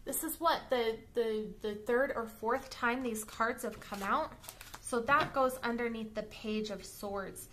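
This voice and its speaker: Her voice on the high side and fairly bright, a tarot reader talks a little slowly over slight background noise. She gives a casual, chatty, blunt reading with the odd swear word, frequently checking in with "okay?" and "all right?"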